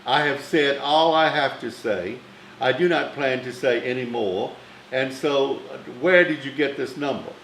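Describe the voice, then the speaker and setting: A man's voice: mid-range voice, unhurried, fairly bright tone, echoey room, a little hiss or hum, voice pushed up, low-quality recording. A man voicing an imperious aging film-star woman who speaks in clipped, grand, cutting phrases. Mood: haughty.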